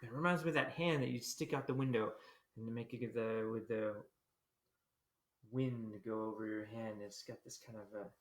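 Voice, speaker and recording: A man's voice: medium pitch, fairly even intonation, moderate pace. Roomy-sounding man teaching conducting. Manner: explains conducting, sings rhythms on syllables, greets viewers. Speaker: military band conductor. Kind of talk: livestreamed conducting lesson. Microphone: computer camera mic. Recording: roomy echo.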